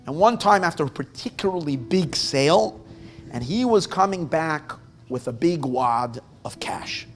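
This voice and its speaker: A male rabbi telling a story at a live gathering in an animated, conversational way, often breaking off and restarting his sentences. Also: fairly high pitch, measured pace. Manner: animated, conversational, self-interrupting.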